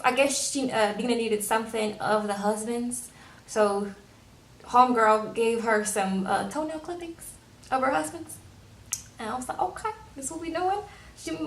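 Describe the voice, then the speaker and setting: A young woman from Louisiana, sassily recapping a TV episode in casual chat and acting out the characters' lines. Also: mid-range voice. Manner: chatty and sassy, acts out characters' lines. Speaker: TV recap vlogger. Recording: echoey room.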